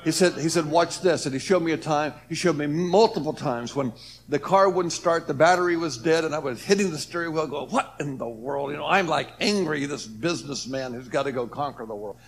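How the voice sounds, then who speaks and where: Giving an earnest testimony about nearly dying, this man lets his voice rise and fall with the story and performs the quoted lines of others. His pitch is fairly high and he talks a little fast.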